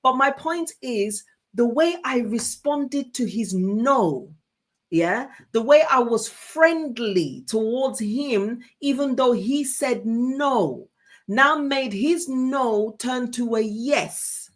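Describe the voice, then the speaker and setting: Animated woman telling a story. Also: on the high side, takes it slowly. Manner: animated storyteller, acts out quotes. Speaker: co-host, pastor's wife. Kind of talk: casual chat with storytelling.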